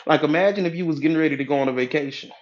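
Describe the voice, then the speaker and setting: A man's voice: a little high, very fast, highs cut off. A man giving a motivational talk in a live audio app room, speaking in a preachy, folksy way, repeating his points for emphasis. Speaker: motivational speaker, hypnotherapy coach.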